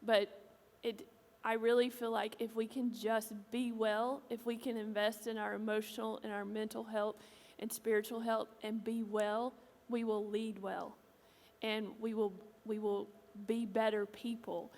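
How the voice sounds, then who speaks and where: A woman speaking as a pastor's wife to a congregation in a church auditorium. She is soft-spoken and reflective. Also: on the high side, level tone, measured pace. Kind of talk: stage conversation to a congregation. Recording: long hall reverb.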